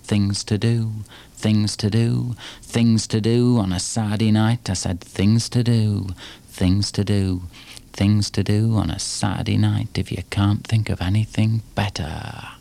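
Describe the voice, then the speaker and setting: A man's voice: on the low side, little pitch movement, measured pace, vocal fry, mellow. A man from Yorkshire with a Yorkshire accent, performing his own poems in a punchy, rhythmic chant full of repeated refrains. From Yorkshire, England. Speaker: performance poet. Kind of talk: live performance poetry reading.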